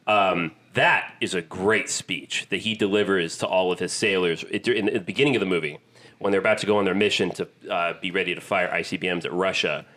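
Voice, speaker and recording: A man's voice: sits low, a bit bright. A man co-hosting a casual film podcast, blunt and argumentative, swearing freely. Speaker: podcast co-host. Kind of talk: casual chat.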